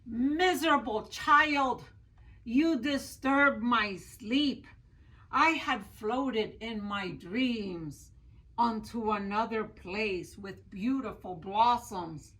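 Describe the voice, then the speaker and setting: A woman voicing a sleepy, grumpy old man in a storybook tale, speaking slowly and drowsily. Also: on the high side, fairly bright tone. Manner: slow, drowsy grumbling.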